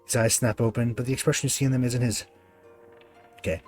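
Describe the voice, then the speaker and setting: A man's voice: medium pitch, fairly even intonation, fast, darkish tone, faint music behind. A man streaming a story game, who reads its text aloud and adds casual, self-deprecating asides.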